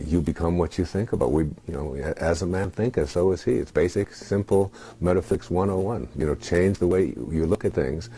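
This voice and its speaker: A man in his sixties, speaking as an interview guest in a halting, reflective way with many pauses and fillers. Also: a bass voice, warm tone, slightly rough. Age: 60s.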